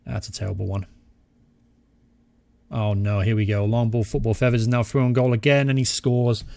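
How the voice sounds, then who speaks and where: A young man commentates on his football management game, getting excitable and cheering his team on. His voice has a gravelly, fry-laden edge. It is recorded dry and close, with faint music underneath. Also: medium pitch, fairly quick, no echo. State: out of breath. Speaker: gaming channel host.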